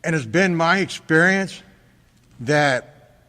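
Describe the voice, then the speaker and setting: A man's voice: on the high side, lively intonation, bright, forceful tone. Earnest man talking in an echoing hall. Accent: American. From Fresno, California. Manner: earnest, halting, with frequent restarts and repeated words. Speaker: recovery meeting speaker. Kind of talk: personal testimony talk. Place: large hall at a convention. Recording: reverberant hall recording.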